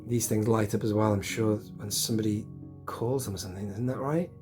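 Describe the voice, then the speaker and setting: A man's voice: on the low side, steady tone, brisk, music in the background. Chatty collector guy unboxing. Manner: chatty, enthusiastic, talks to himself while unboxing. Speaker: collector vlogger. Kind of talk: casual unboxing chat. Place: home collection room.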